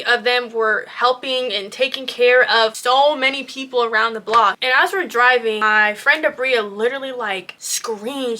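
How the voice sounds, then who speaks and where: Young woman vlogger with a bright, lively voice, casual and profane storytelling. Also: on the high side. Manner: slangy, profane, animated retelling.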